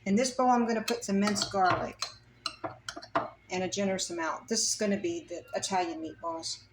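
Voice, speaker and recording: A woman's voice: medium pitch, fairly even intonation, moderate pace, heavy background noise. Chatty woman cooking in a roomy kitchen. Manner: chatty, thinking aloud while working. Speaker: home cook. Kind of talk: casual cooking demonstration. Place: home kitchen.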